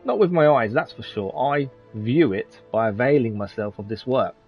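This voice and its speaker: A man's voice: medium pitch, lively intonation, normal speed, lightly acted. A fussy, long-winded male scholar from a game, as a streamer reads him out, pompous and wordy, with a middling voice. The sound is a little dull, with faint game music underneath. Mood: earnest. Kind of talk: reading game dialogue aloud.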